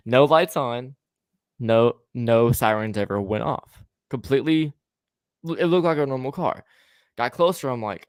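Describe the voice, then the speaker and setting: A man's voice: medium pitch, a little slow, pauses often, no room sound, clean studio sound. A man casually telling a story to a co-host, rambling with stammering restarts and swearing, acting out the lines of the people in it.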